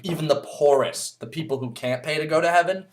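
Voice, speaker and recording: A man vlogging in a casual monologue, rambling and blunt, swearing freely and filling pauses with "uh" and "um". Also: a little high. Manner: rambling, blunt and profane, with many fillers.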